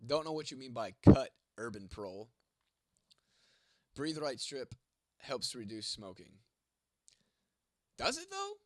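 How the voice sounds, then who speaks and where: A man's voice: medium pitch, expressive, a little slow, long pauses, no room sound. A young man with a congested, fading voice, hosting a casual livestream and answering chat in a blunt, profane, joking way. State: congested, voice going, coughing. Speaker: livestream host reading chat.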